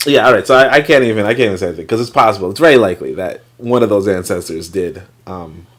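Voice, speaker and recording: A man's voice: fairly low pitch, fast, a bit bright. Guy rambling thru a book reading, lots of likes and ums, kinda loose and blunt. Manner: rambling, loose, many fillers and restarts, swears. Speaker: host reading and commenting on a book. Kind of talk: casual livestream commentary.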